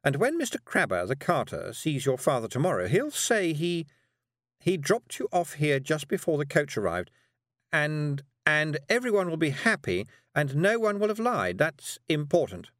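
A man voicing a brisk, nervous adult female witch with a prim, clipped manner in an audiobook. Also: a little high, big pitch swings, a bit bright, no echo, clean studio sound, voice pushed up. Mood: hushed urgent. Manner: prim, clipped, insisting she is never worried. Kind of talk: audiobook character voice.

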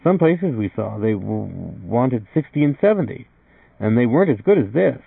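A man's voice: medium pitch, sing-song, moderate pace, gravelly, slightly rough, dry recording, narrow, tinny audio, pitched above the performer's own voice, heavily acted. A man doing a stammering anxious young husband. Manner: stammering, fatalistic.

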